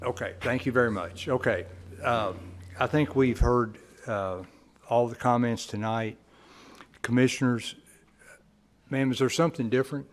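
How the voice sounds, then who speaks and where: A man, chairing a public hearing in a polite, halting way. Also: mid-range voice, steady tone. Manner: polite, halting, repeats "okay" and "yes, ma'am". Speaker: commission chair. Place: council meeting room.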